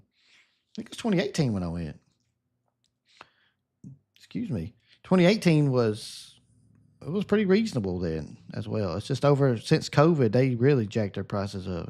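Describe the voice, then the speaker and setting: A man's voice: medium pitch, darkish tone. A man with a Southern US accent, a gaming streamer in casual, upbeat chat, answering viewer comments in a sunny, relaxing voice.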